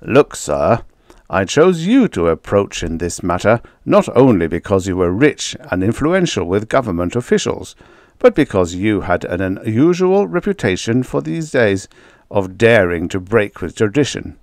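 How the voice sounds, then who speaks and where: A man's voice: fairly low pitch, big pitch swings, normal speed, a little mellow, no echo, studio quality. A man voicing an earnest, persuasive middle-aged astronomer in an audiobook story.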